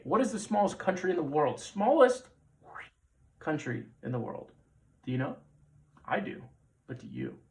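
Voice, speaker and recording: A man in his thirties hosting a trivia quiz, repeating questions with playful jokey asides. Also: on the high side. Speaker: trivia show host.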